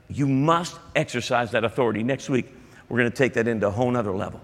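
Pushed and bright, the pastor's mid-range voice is expressive and fast. He delivers an emphatic, conversational sermon with asides to his congregation in a church, with long hall reverb on the recording.

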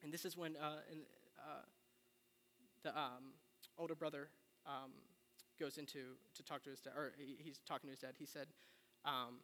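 A man preaching a sermon, retelling the story in a casual, animated way with slang. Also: a little high, brisk. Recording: long reverb of a large hall.

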